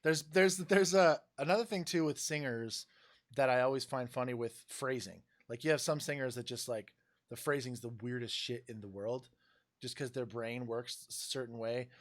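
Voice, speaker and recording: A man's voice: medium pitch, moderate pace. A man hosting a casual chat, telling loose, laughing stories with plenty of swearing. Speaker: podcast host, rock singer.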